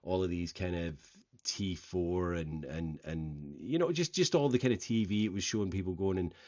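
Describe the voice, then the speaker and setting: Rambling low-voiced podcast host, lo-fi sound. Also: male voice, normal speed, darkish tone. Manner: rambling, many fillers and restarts. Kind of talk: casual solo intro monologue. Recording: slightly dull lo-fi sound.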